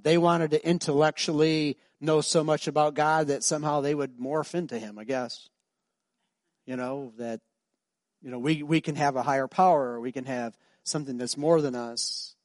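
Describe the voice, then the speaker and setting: A man preaching a sermon, telling a story and building to loud, emphatic preaching. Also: fairly high pitch, normal speed, no echo, studio quality. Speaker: pastor.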